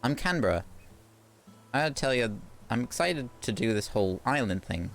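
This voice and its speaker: A woman voicing a cheerful, eager island villager with a rough put-on Australian accent, reading game lines in a bubbly way. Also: rumbling low, lively intonation, moderate pace, faint music behind. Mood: chirpy.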